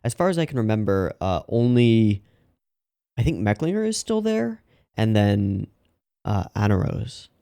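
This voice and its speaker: Host masculino de react, voz grave, fala solta e divagante, com explosões de empolgação. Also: male voice, fairly low pitch, a little slow, clean tone. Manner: chatty, rambling, loud excited outbursts. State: yawning, sleepy. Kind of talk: casual reaction commentary.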